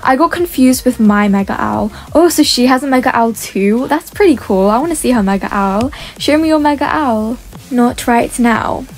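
A woman's voice: fairly high pitch, lively intonation, moderate pace. A woman hosting a gaming channel, giving chatty gameplay commentary and reading out other players' chat messages as she goes.

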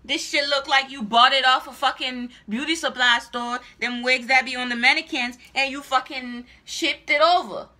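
A woman's voice: sits high, fairly even intonation, normal speed, hardly any pauses, sharp tone. A young adult woman giving a casual, exasperated product review to her viewers, repeating herself and swearing. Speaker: hair reviewer vlogger.

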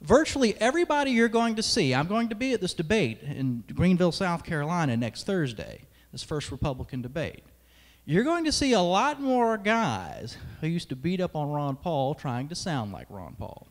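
Animated man speaking in a big hall. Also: fairly high pitch, normal speed. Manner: emphatic, sarcastic asides. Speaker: conference speaker, radio host. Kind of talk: political speech. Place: large hall. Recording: long hall reverb.

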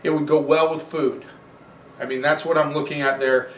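A man hosting a wine show, tasting and reviewing wines in a relaxed, rambling, conversational way. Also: a little high, moderate pace, reverberant, recorded from a distance, slight background noise.

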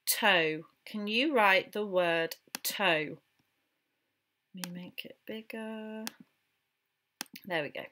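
Woman, teacher, phonics lesson, very slow, sounds out each letter. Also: medium pitch, pushed and bright, slight background noise. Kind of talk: phonics lesson for young children.

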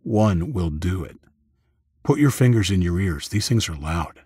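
A calm, grim young fighter in an audiobook, read by a man in a low, husky voice. He speaks slowly and evenly, and the recording is dry and close. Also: no room sound, heavily acted.

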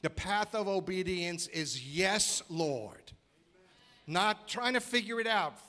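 A man preaches a sermon in a church, his voice sitting a little higher than most men's. He drives his points home by repeating phrases in rhythmic lists and keeps turning to the congregation with questions. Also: lively intonation, moderate pace, sharp tone. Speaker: guest preacher. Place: church sanctuary.

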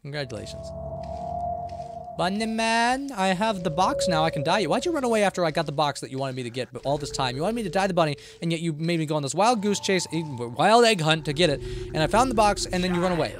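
Male streamer, high and very animated, playful and jokey, banters with the game's characters. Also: quick pace, over music. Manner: playful, jokey, talking back to game characters; rambling self-talk with frequent restarts. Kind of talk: live gameplay commentary.

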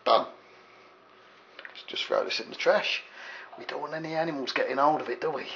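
A man's voice: on the high side, fairly quick, creaky, a bit bright. An English man giving a casual, jokey cooking demonstration in his home kitchen, full of rambling asides to the viewer. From England. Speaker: home cook. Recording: echoey, dull lo-fi with faint hiss.

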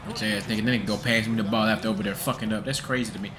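A man's voice: mid-range voice, rapid-fire, hardly any pauses, loud music behind the voice. A young man giving profane, trash-talking gameplay commentary with a hyped, joking manner. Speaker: gaming video creator.

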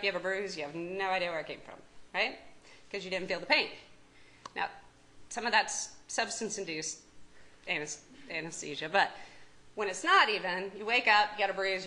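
Bright Kentucky woman giving a lecture. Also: mid-range voice, low-quality recording. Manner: conversational and joking, asks the audience questions. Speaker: psychiatry professor lecturing. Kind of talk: medical lecture. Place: lecture room.

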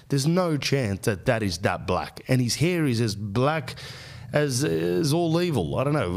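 An Australian man in his thirties hosts a podcast with a mid-pitched voice. He rambles through comic stories, swearing freely and wandering off on tangents. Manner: rambling, profane storytelling. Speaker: podcast host. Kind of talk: casual comic monologue.

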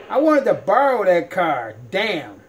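A man's voice: sits high, a bit bright, a little hiss or hum. A man giving playful let's-play commentary, laughing often as he talks. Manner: playful, laughs often, folksy drawl-like phrasing. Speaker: gamer.

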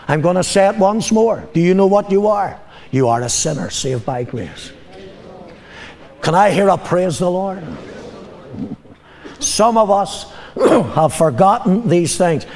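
A man's voice: high-pitched, creaky, a little mellow, in a large hall. An older man preaching a sermon, repeating his lines and calling on the congregation to answer. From Northern Ireland. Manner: calls for congregation responses. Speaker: pastor.

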